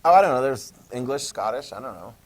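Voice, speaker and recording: A man's voice: mid-range voice, expressive, fast talker. A man teaching a history class, joking and checking in with questions. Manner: jokey, asks the class questions, "okay?" checks. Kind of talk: classroom lecture.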